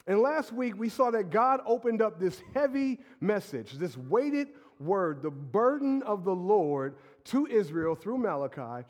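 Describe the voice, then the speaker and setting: Sick pastor guy preaching loose and chatty, kinda high voice, big echoey church. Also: unhurried, few pauses. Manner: casual, energetic preaching with fillers and laughs. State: sick with a stuffy nose. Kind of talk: sermon. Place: church sanctuary.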